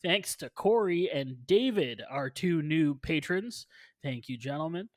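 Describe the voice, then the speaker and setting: A man's voice: on the high side, lively intonation, a little slow, no echo. A man hosting a casual movie podcast, upbeat and jokey as he introduces guests and reads the show plugs. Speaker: podcast host.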